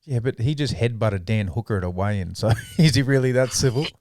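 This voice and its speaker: A man's voice: medium pitch, expressive, fairly quick, a little mellow, no room sound. A man co-hosting a fight podcast in casual chat, laid-back and mimicking fighters as he retells. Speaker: podcast co-host.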